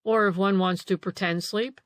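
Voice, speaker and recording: A woman voicing a calm male police detective in an audiobook, pressing with questions. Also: medium pitch, moderate pace, no room sound, natural voice. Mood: probing. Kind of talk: audiobook character reading.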